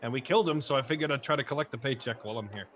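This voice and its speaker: A man's voice: medium pitch, very fast, a bit bright, natural voice. A man playing a businesslike adventurer in a tabletop role-play, putting on a dwarf's accent. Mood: inquisitive. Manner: mimics a dwarf's accent, starts with "aye".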